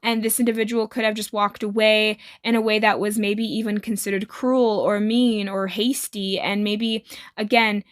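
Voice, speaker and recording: A woman's voice: mid-range voice, fairly even intonation, normal speed, no room sound, studio quality. A woman giving a tarot reading to her viewers, reassuring and rambling, with many fillers. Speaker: tarot reader.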